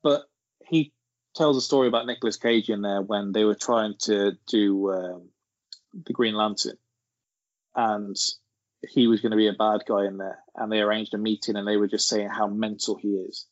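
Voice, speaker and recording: A man with a fairly low voice rambles through an anecdote in casual podcast chat, laughing as he goes. His intonation stays fairly even at a moderate pace. The recording is dry, with a dull lo-fi sound.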